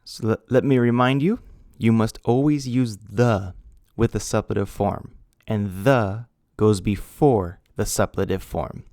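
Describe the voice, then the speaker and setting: A man teaching an English grammar lesson, speaking slowly and deliberately, spelling out letters and repeating key words. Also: on the low side, a little mellow, no room sound, studio quality. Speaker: ESL teacher.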